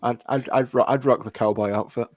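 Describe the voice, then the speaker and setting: A man chatting casually with friends, agreeable and quick to affirm and laugh. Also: medium pitch, steady tone, darkish tone, dry recording. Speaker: theme park fan on a group ride-through. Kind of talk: casual group chat.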